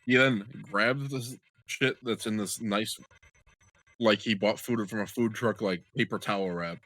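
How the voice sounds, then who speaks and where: A young man co-hosting a podcast, telling a long crude anecdote in an animated, joking way. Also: fairly low pitch, unhurried, no echo. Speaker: podcast co-host. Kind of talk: casual storytelling chat.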